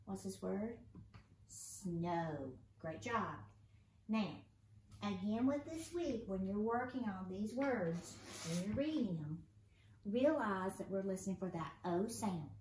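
A woman teaching a first grade phonics lesson, sounding out letters slowly and asking encouraging questions. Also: mid-range voice, lively intonation, darkish tone. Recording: roomy echo, faint room noise.

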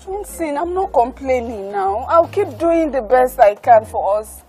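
A woman's voice: sits high, animated, unhurried, dark tone, faint music behind. A pleading devoted girlfriend. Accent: Nigerian English. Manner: pleading, emotional. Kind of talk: film drama acting.

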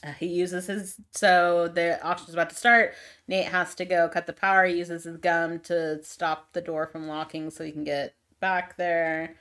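A woman with a lowish voice chats casually as a book club podcast co-host. She walks through the story scene by scene, now and then slipping into quick quoted lines from the characters. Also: level tone, a bit bright. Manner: recaps plot with quick mock quotes of characters.

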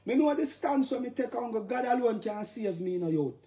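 High-voiced Jamaican man ranting heatedly. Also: expressive, fairly quick. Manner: preachy and heated, breaks into shouts. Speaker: musician. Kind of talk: impassioned straight-to-camera rant.

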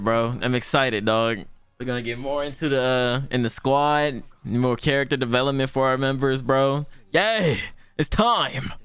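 A man's voice: mid-range voice, a bit bright, smooth. A man hosting an anime reaction channel, talking in loose, slangy, profane commentary and laughing often.

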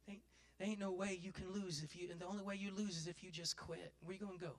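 Man, pastor, fiery folksy sermon, high-pitched. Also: steady tone, fast talker. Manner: folksy preaching, building to loud impassioned cries.

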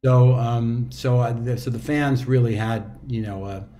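A man in his sixties, an audiobook narrator and actor, chatting as a guest in a relaxed, reflective way with loose fillers and restarts. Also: medium pitch, unhurried. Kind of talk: casual interview chat.

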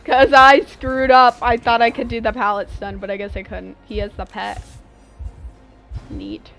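A woman's voice: medium pitch, fairly even intonation, moderate pace, vocal fry, faint music behind. A young woman streaming a game live, chatting playfully with her viewers while she plays. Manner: playful, chatty, talks to chat. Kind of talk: live gameplay commentary.

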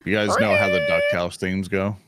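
A man as an improv comedy guest, playful and animated. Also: sits low, a little fast, very noisy.

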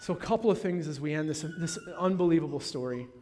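A male pastor preaching a sermon in a dramatic way, swinging from loud proclamation down to a hushed near-whisper. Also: fairly high pitch, expressive, fast talker, slight background noise. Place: church sanctuary. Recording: long reverb of a large church hall.

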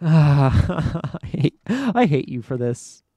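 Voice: mid-range voice, sing-song, extremely slow, warm tone, breathy edge, dry recording. A young adult gamer giving casual let's play commentary, dramatically exasperated and often laughing at their own struggles. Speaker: gamer playing an obstacle course game.

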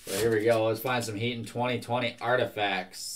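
A young man hosting a live card break, reading out one card after another in a brisk, casual way. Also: on the low side, steady tone, noisy background.

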